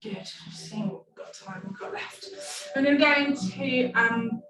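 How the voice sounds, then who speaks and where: A woman's voice: fairly high pitch, a little slow. A woman leading a stretch class, giving playful, encouraging cues. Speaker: fitness instructor. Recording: echoey room, far from mic, music behind. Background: background music.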